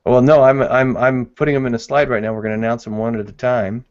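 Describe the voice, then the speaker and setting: A man's voice: medium pitch, flat delivery, fast, darkish tone, clear, resonant tone. Chatty laughing man on lo-fi audio. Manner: laughs often, rambling, reads chat aloud. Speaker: webinar co-host. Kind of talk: casual live webinar chat.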